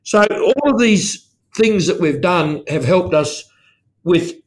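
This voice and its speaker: A man's voice: high voice, lively intonation, slow pace. An older man, chairman of a mining company, talking as an interview guest in a loose, rambling way. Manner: rambling, restarts often.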